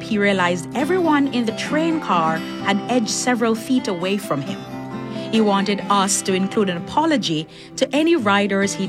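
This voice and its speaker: A woman host reading a calm, scripted epilogue in an even manner. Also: medium pitch. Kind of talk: scripted narration. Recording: narration over loud guitar music.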